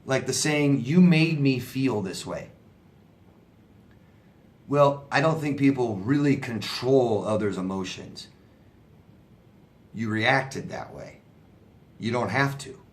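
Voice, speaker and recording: A man's voice: mid-range voice, slow pace, long pauses. A man answering viewer questions as a relationship coach, in a conversational, sympathetic way, often asking "right?". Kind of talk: casual advice talk.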